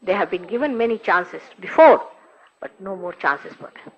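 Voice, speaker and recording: A woman's voice: mid-range voice, expressive, moderate pace, slightly rough. An older woman, a spiritual teacher, giving a recorded talk with emphatic, scolding rhetorical questions. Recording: dull lo-fi archive recording.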